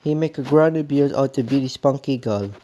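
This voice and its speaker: A man delivers a ranting vlog monologue in a mellow, darker-toned voice at an ordinary pitch. His phrasing is halting and repetitive, and he stumbles and restarts as he airs grievances in an accusing way. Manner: aggrieved, accusing tone. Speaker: vlogger.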